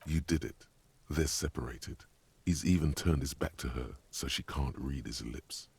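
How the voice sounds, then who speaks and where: A grave inner voice narrates a detective game. His voice is extremely deep, gravelly and rough-edged. He counsels the player in a slow, solemn second person. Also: darkish tone, full character voice.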